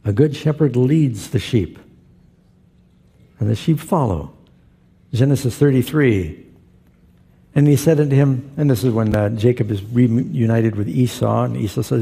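A man's voice: mid-range voice, normal speed, creaky, pauses often, mellow, breathy edge. A male pastor preaching a sermon, telling stories and acting out the quoted voices.

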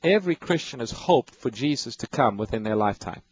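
Husky male radio Bible host. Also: medium pitch, lively intonation, brisk, dry recording, poor audio. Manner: patient, explanatory, reads verses aloud. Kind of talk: explaining scripture to callers.

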